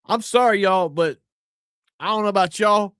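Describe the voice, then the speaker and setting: Middle-aged guy ranting on his podcast, cussing a lot, kinda high voice, dry close sound. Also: moderate pace, fairly bright tone, clear, resonant tone, dry recording. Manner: blunt, profane, heated ranting. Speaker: podcast host. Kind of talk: casual podcast commentary.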